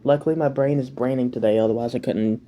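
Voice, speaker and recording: A man's voice: medium pitch, fairly even intonation, fast, mellow. A man casually reacting to a video at home, rambling, swearing and making self-mocking jokes.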